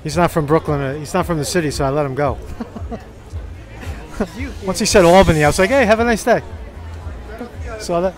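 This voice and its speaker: A man's voice: on the high side, a little fast, long pauses, soft background music, some chatter behind. A man walking a street festival for his vlog, chatting casually and teasing people he meets. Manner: joking, teasing banter. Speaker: street vlogger.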